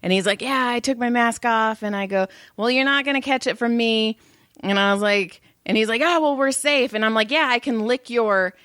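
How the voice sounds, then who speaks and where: With a slightly high, smooth voice at a moderate pace, this thirtysomething woman co-hosts a casual podcast chat. She tells profane, animated stories and laughs a lot, and the clean studio sound has no echo.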